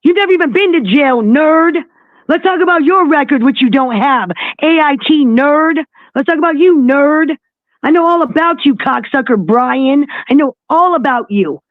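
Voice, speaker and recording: A woman's voice: high voice, lively intonation, normal speed, dry recording. A woman ranting on a livestream, mocking and scornful, swearing constantly. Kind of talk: heated livestream rant. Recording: tinny phone-like line.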